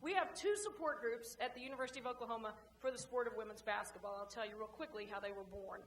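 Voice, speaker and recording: Brief: woman guest speaker, high-ish voice, folksy storyteller, reverberant banquet room with a faint hum. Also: fast talker. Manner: folksy storyteller, lively and warm with the crowd. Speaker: guest speaker, women's basketball coach. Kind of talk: after-lunch club speech with jokes.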